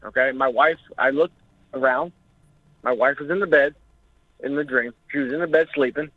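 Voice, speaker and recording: A man's voice: medium pitch, moderate pace, dry recording. A young man calling in to a talk show, telling his story in an emotional, jittery way and swearing often. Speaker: caller. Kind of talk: recounting an experience on a call-in show. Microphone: phone. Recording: tinny phone line.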